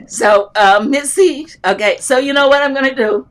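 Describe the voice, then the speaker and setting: A woman's voice: high-pitched, normal speed. Heartfelt older woman chatting live. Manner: heartfelt, rambling, inspirational; reads viewer comments aloud. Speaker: livestream host answering loom knitting questions. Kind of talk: casual live chat. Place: airport.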